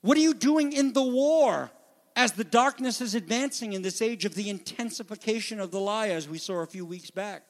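High-voiced preacher in a reverberant hall. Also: male voice, moderate pace. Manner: dynamic preaching, drops to a hush then builds to loud exhortation. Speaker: pastor. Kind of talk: sermon.

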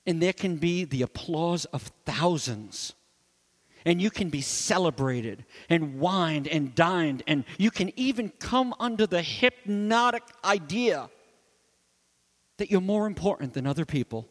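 High-voiced preacher with a long reverb. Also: male voice, lively intonation, a little slow. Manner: emphatic preaching, swinging from loud highs to quiet lows. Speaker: pastor. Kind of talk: sermon.

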